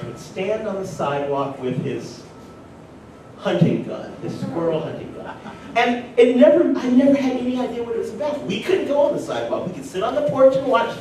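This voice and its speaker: A man with a fairly high, lively voice tells personal stories at a conference and makes animated asides to the audience. He sounds set back from the microphone in a very echoey hall, with a faint rumble underneath. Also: recorded from a distance. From rural North Carolina. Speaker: conference speaker. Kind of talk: personal storytelling speech.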